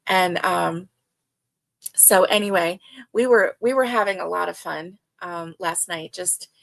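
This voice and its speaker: A woman's voice: on the low side, a little slow, gravelly. An older woman hosting a casual livestream chat, reading viewer comments aloud and talking with many fillers. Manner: chatty, warm, with many fillers. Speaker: livestream host.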